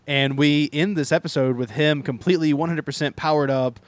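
A man co-hosting a casual podcast chat, an animated storyteller who retells scenes and laughs often. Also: a little high, brisk, few pauses, no room sound. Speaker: podcast co-host. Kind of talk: casual chat recapping anime episodes.

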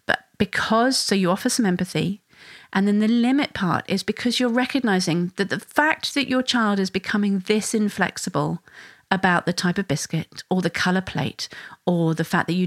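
Woman hosting a podcast, dry close sound. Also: dry recording. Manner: conversational, acts out parent and child voices with rising pitch. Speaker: parenting podcast host. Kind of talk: solo podcast explanation.

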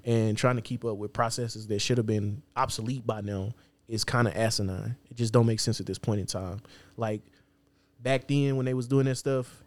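A man's voice: medium pitch, fairly even intonation, moderate pace, a little mellow, no echo. A man co-hosting a casual podcast, opinionated and slangy, talking into a studio mic. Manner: opinionated, slangy, laid-back. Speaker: podcast co-host.

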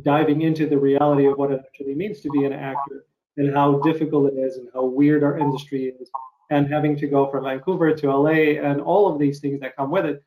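Flat-voiced male interviewer, roomy sound. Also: on the high side, a little hiss or hum. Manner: halting, encouraging, many restarts. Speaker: interviewer, host. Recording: muffled, roomy.

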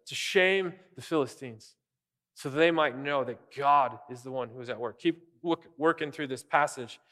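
A man preaching an earnest, animated sermon as pastor, often restarting his phrases. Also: mid-range voice, in a large hall.

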